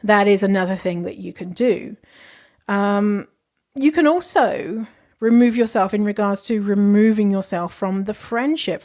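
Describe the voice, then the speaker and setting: A woman's voice: medium pitch, a little mellow. Candid woman podcasting. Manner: candid and chatty, swears freely, laughs often. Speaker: podcast host. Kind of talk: casual advice monologue.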